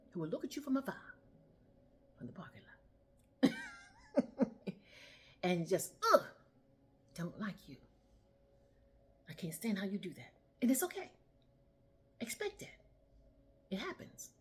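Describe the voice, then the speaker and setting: A woman's voice: medium pitch, husky. A woman giving a casual motivational talk and telling a story, laughing often and acting out the voices of the people in it. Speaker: motivational vlogger.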